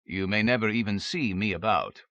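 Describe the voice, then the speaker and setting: Formal commanding man, read by a male narrator, clipped, low, forceful, dry muffled recording. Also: moderate pace, dry recording.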